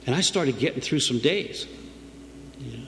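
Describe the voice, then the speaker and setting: A man's voice: mid-range voice, expressive, unhurried, fairly bright tone. A middle-aged man speaks to a group at a meeting and tells his story of getting sober in a loose, conversational way. He often checks in with "right?" as he goes. His voice carries a long room reverb over a faint background hum. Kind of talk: personal recovery story told to a group.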